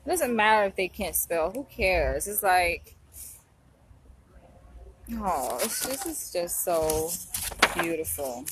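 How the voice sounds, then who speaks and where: A young woman talks in a slow, unhurried vlog chat. She sounds teary and softly gushing. A faint hiss sits behind her voice. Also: fairly low pitch, sing-song. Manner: emotional, softly gushing, says "y'all" often. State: teary after crying. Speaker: vlogger.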